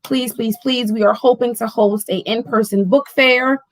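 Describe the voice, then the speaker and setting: A woman who owns a bookstore, telling a story in casual chat, animated and full of "like" and "right?". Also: on the high side, moderate pace, no echo, rough recording. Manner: animated storyteller, acting out quoted dialogue; fills speech with "like" and "right?". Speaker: bookstore owner.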